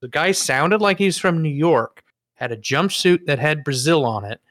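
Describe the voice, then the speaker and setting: A man co-hosting a podcast, telling a story in a lively, casual way with some swearing. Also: fairly high pitch, normal speed, no room sound, studio quality. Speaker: podcast co-host.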